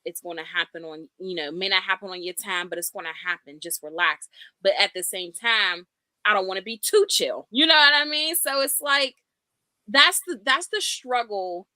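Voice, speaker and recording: A woman with a bright, sharp voice co-hosting a podcast in casual chat. She keeps dropping in "you know" as she talks, and the sound is close and dry. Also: mid-range voice, normal speed, no room sound. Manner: chatty, peppers talk with "you know". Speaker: podcast co-host.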